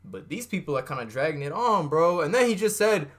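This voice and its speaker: Animated, bright-voiced man reacting. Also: high voice, quick pace, hardly any pauses. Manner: animated, slangy, joking. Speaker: reaction video host. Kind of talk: casual reaction commentary.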